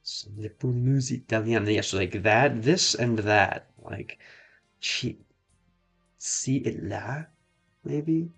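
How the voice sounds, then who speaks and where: In this casual gameplay chat, an American streamer learning French speaks in a mid-range voice that is creaky, a bit bright and slightly rough. Soft music plays underneath while he haltingly tries out phrases, often pausing to say them again.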